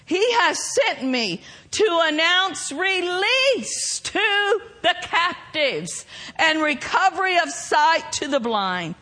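A woman preaching a sermon, swinging between loud shouted lines and soft hushed ones. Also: very high voice.

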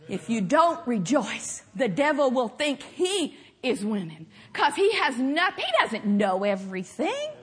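A woman preacher with a very high voice delivers her sermon slowly and deliberately. She grows fervent as she goes, often shouting and laughing to drive each point home. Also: sing-song.

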